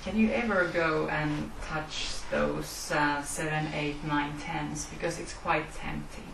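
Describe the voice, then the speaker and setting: A woman's voice: deep voice, steady tone, takes it slowly, creaky, a bit bright, roomy sound, far from the mic, slight background noise, low-quality recording. A woman at a retreat asking the teacher a tentative question from the audience.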